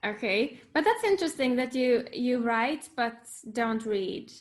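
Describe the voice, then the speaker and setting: A woman's voice: a little high, expressive, a little slow. A young woman from Sweden, a writer, chatting casually in an interview, laughing easily and often correcting herself. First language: Swedish. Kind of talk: casual video-call chat.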